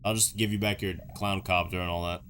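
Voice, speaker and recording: A man's voice: low-pitched, level tone, a little fast, fairly bright tone, a little hiss or hum. A man voicing a timid, apologetic grown man who stumbles over his words as he backs out of a villain's team.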